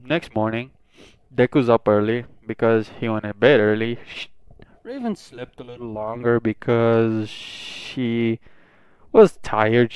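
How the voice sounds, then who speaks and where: A young man narrates an improvised fan-fiction story in a loose, rambling way, full of swearing and asides. His voice is smooth and clear. It sounds dry and close to the mic. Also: medium pitch, no room sound, highs cut off. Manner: rambling, profane, casual. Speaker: online storyteller.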